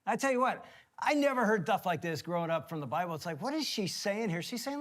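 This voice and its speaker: A middle-aged man, a pastor, telling stories in a sermon, animated and playful. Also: high voice, fast. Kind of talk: sermon storytelling. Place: church stage.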